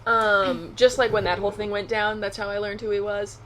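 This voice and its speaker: This is a young woman co-hosting a casual podcast. She talks in a chatty way, full of quick asides and laughter. There is faint ambient noise behind her. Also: medium pitch, steady tone, fairly bright tone. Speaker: podcast co-host. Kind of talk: casual chat.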